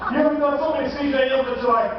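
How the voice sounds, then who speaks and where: Male motivational speaker, very high pitch, dramatic storyteller; heavy hall echo. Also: steady tone, racing, background noise. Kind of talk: storytelling speech to a live audience. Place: large theater hall. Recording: echoey hall from far off, dull.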